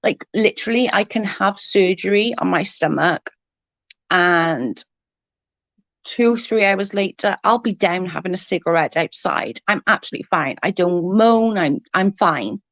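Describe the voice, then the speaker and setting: A woman talks casually on a livestream, answering viewers and venting bluntly, with some swearing. Her voice is husky and hoarse from a cold, with a gravelly, creaky edge. She is recorded close up in a dry, dead-sounding space. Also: lowish voice, lively intonation, unhurried, a bit bright, no room sound. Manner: blunt, swears freely, vents about double standards. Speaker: livestream host. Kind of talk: casual live chat reading comments.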